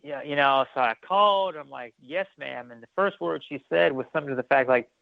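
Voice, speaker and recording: Male podcast guest, animated storyteller, dry and phone-thin. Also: on the high side, fast talker, creaky, no echo. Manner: animated, re-enacts dialogue, many restarts. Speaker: podcast guest, former military firefighter. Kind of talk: casual storytelling interview. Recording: tinny phone-like line.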